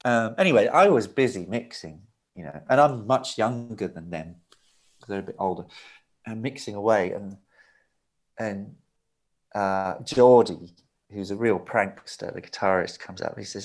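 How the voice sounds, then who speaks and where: A man's voice: on the low side, moderate pace. A middle-aged man, a record producer and interview guest, telling a long, rambling anecdote and acting out the voices in it. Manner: rambling, vivid storytelling with acted-out quotes. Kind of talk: animated anecdote in a sit-down interview.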